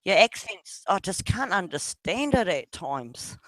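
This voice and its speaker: A woman's voice: on the low side, very animated, slow pace, a bit bright, dry recording. A woman with a New Zealand accent rambling through a casual voice chat. She swears freely and laughs often, her voice swooping up and down as she unhurriedly drifts from story to story. The sound is close and dry.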